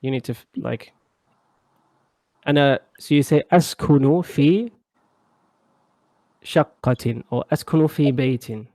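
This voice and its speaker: A man's voice: mid-range voice, moderate pace, long pauses, warm tone, no echo. A man teaching a casual live language class, chatty and often checking that students follow. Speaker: Arabic teacher.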